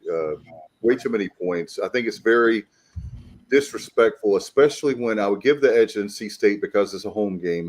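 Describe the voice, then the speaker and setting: Low-voiced, upbeat sports show host. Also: male voice, a little mellow. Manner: enthusiastic, addresses the panel directly. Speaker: podcast host. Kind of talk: casual sports talk.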